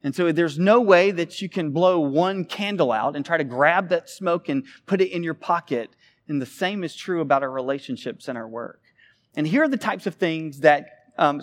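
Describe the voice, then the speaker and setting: A man preaching a sermon, animated, with big swings between loud emphasis and quiet asides. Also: a little high. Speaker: pastor.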